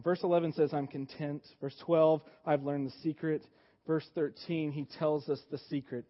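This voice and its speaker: A man preaching from the pulpit with a somewhat high voice. He moves between loud, emphatic pushes and quiet, hushed stretches. The recording sounds dull and lo-fi. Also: level tone, normal speed. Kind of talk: sermon.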